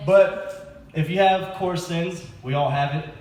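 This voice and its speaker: A man's voice: a little high, fairly even intonation, takes it slowly, background noise. A man doing a rambling, self-deprecating stand-up set at a church open mic night. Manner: nervous, self-deprecating, rambling with fillers and laughs. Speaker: stand-up comedian. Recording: echoey hall recorded from far off.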